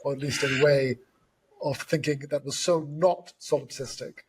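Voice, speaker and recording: A man interviewing in a relaxed conversation, telling stories with animated enthusiasm. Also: mid-range voice, moderate pace, breathy edge. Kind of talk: reflective conversation.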